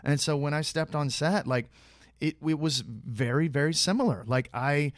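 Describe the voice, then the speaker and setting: A man, a guest actor on a podcast, telling animated behind-the-scenes anecdotes in casual conversation, full of fillers and restarts. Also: on the high side, moderate pace, no room sound, studio quality.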